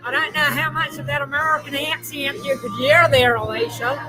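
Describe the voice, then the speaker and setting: A man's voice: very high voice, steady tone, brisk. A man giving casual live commentary on a rugby match, chatting with his viewers as he goes. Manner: chatty, talks to viewers and chat. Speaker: fan streaming live commentary. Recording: loud match crowd and music behind. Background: stadium crowd and music from the broadcast.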